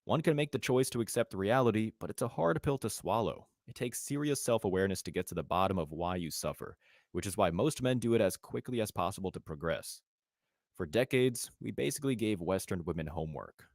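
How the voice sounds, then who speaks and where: A man reading scripted voice-over narration with a measured, grave delivery. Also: on the low side, expressive, darkish tone, no echo, studio quality.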